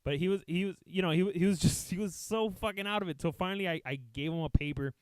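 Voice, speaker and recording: A podcast host tells a comic story in a casual, profane way, acting out everyone's lines and slipping between English and Spanish. He has a high voice, talks fast, and the recording is dry. His delivery is animated throughout.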